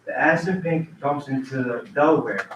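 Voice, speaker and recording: A man, a resident giving public comment at a council meeting, pleads earnestly in an echoey meeting room, repeating himself and restarting sentences. His medium-pitched voice moves at normal speed over slight background noise. The audio sounds roomy, distant, and dull.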